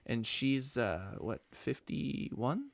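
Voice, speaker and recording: A man's voice: mid-range voice, very animated, extremely slow, creaky. A man around thirty co-hosting a podcast, chatting crudely and mocking himself. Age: young adult. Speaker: podcast co-host. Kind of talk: casual banter.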